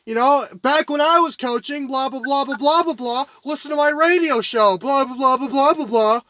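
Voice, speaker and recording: A man's voice: very high-pitched, normal speed, sharp tone. A man mocking a rambling ex-coach radio pundit. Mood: mocking drone. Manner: droning, self-promoting.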